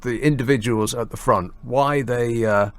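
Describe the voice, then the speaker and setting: A man's voice: medium pitch, normal speed. A man hosting a late-night phone-in radio show, talking in a sardonic, mocking way.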